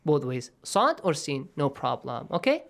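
A man's voice: fairly high pitch, big pitch swings, unhurried, creaky, fairly bright tone. Patient man teaching Quran recitation rules. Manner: patient, step-by-step explaining, checks understanding with "yes?". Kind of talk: radio Quran lesson.

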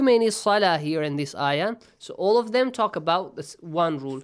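Man with going over quran rules, clear smooth voice, keeps asking "okay?". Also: sits high, animated, moderate pace. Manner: patient, quizzing students with repeated "okay?". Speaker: Quran teacher. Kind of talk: online tajweed lesson.

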